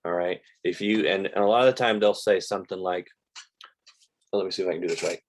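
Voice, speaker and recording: This older American man talks fast in a low, steady voice while teaching real estate investing on a casual live stream. He's a chatty storyteller who quotes his conversations with sellers and says "like" a lot.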